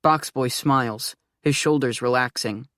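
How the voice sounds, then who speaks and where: A woman's voice: a bass voice, measured pace, a bit bright, no room sound, studio quality. A woman narrating an audiobook in the first person, with an eager, flustered delivery.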